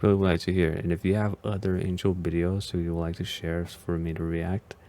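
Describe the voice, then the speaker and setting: A man's voice: low-pitched, flat delivery, fairly quick, mellow. A man hosting a casual video reaction as a vtuber, talking in a hesitant, rambling way and often sounding unsure.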